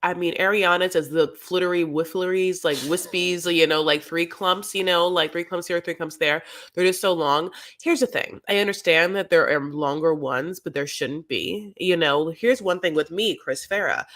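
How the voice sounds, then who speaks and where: A podcast co-host with a bright, sharp-edged voice, talking in a rambling, opinionated way. The delivery is lively and frank, with plenty of emphatic asides. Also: mid-range voice, normal speed. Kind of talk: casual chat about reality TV.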